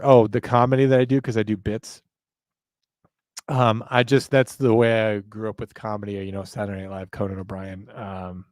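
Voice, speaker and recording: A man's voice: lowish voice, a little mellow, no room sound. Rambling, self-mocking male host. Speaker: show host. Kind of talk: casual live chat.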